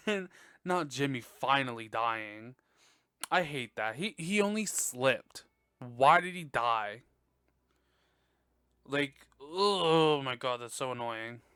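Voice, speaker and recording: A man's voice: mid-range voice, slow pace, clean tone, dry recording, studio quality. A young man hosting a podcast from his bedroom, chatting casually about a movie with lots of swearing and frequent laughter. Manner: profane, excitable, laughing often. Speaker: podcast host. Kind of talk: casual movie review chat. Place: dark bedroom at home.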